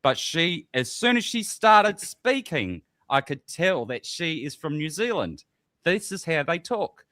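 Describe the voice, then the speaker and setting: An Australian man talks in a brash, crude way, swearing freely and laughing often. His voice swings widely in pitch and sounds bright. The mic is close and dry. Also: sing-song, measured pace, no room sound. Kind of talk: crude casual chat.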